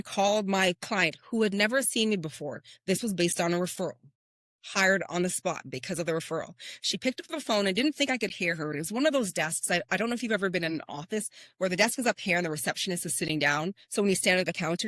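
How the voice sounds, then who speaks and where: A woman's voice: on the low side, expressive, fast, a bit bright, dry recording, clean studio sound. A woman hosting a motivational podcast, speaking earnestly and telling stories with rhetorical questions. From Canada. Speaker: podcast host and confidence coach.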